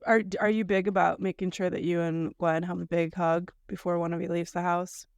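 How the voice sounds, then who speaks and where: A woman in her thirties from the United States, co-hosting a casual podcast and retelling a story with lively acted-out asides. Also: fairly low pitch, a little fast, creaky, clean tone, no room sound. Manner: animated storyteller, acts out quoted lines. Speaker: podcast co-host.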